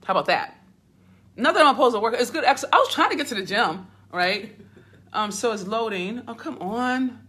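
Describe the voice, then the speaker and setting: A woman business mentor with a bright, husky, forceful voice on the high side speaks expressively at a normal speed. Livestreaming casually from a hotel suite, phone held at arm's length, she laughs, fusses, and talks to viewers by name.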